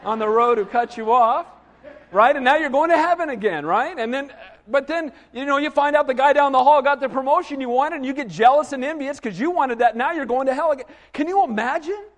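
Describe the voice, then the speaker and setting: A middle-aged man preaching a sermon, telling lively stories and asking the congregation questions. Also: very high-pitched, brisk, long reverb tail. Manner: animated storytelling with asides to the congregation. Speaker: pastor.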